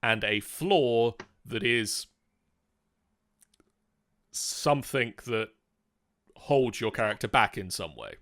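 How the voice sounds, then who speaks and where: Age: adult. Sex: man. Role: game master. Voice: bright, mid pitch. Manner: patient, methodical explanations for a new player. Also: slow, long pauses. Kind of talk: explaining rules and reading chat on a live tabletop stream.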